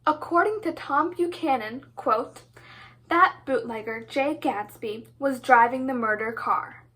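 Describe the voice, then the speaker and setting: A woman's voice: sits high, measured pace, pushed and bright. A woman voicing a breaking-news reporter in a student comedy play, using announcer-style delivery. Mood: newsy.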